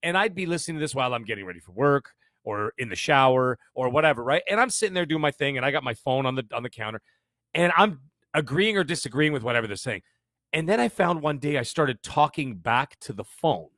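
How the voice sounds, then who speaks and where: A man's voice: mid-range voice, no echo, clean studio sound. A man in his fifties with a Canadian accent, telling stories energetically as a podcast guest. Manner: fast, energetic storytelling with frequent restarts. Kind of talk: casual interview chat.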